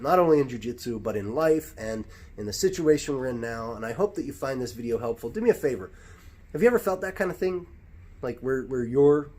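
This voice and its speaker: A man's voice: mid-range voice, darkish tone. An American man, a jiu-jitsu instructor, talking through life advice in a reflective, conversational way with frequent restarts. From United States. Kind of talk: casual advice talk.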